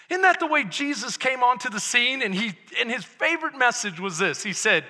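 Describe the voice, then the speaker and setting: High, bright-voiced preacher, man. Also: big pitch swings, fairly quick, hardly any pauses, in a large hall. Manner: preaching with call-and-response amens, swings from loud to hushed. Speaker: pastor. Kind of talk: sermon.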